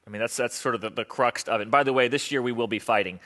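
Guy pastor giving a sermon, bright tone, chatty and jokey with the crowd. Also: mid-range voice, racing. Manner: conversational, joking with the congregation.

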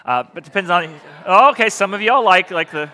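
Male pastor, animated sermon delivery with humor, bright tone. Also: high voice, fairly quick. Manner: animated and joking with the congregation. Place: church sanctuary.

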